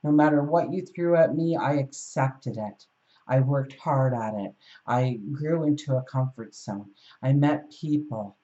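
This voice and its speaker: Storytelling voice: a woman putting on a resilient castaway young woman, exasperated, mellow tone, dull lo-fi sound. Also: a bass voice, unhurried.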